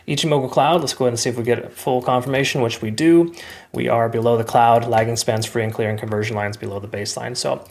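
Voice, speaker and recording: A man hosting a crypto market video, casually walking viewers through chart analysis and calling them folks. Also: medium pitch. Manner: conversational, filler-heavy, addresses viewers as folks.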